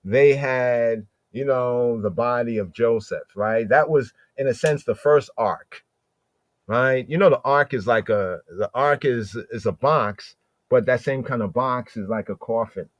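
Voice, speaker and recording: A man's voice: medium pitch, measured pace, no room sound, lo-fi sound. A man hosting a podcast, teaching scripture in a loose conversational way and repeating words for emphasis. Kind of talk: casual Bible teaching talk.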